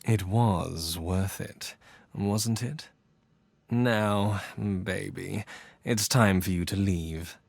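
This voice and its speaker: Smug seductive con-man, low slow voice, super dry. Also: creaky, dry recording, exaggerated voice. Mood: teasing. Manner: teasing, purring, condescending. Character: smooth, seductive male con-man lover. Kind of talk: video game voice acting.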